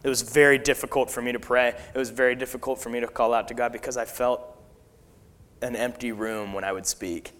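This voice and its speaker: A man delivering a sermon in an earnest, personal tone, often pausing and restarting his sentences. His voice sits in the middle of the male range and carries a long hall reverb. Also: mid-range voice, little pitch movement, fairly bright tone. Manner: earnest, personal testimony with many fillers and restarts. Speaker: preacher.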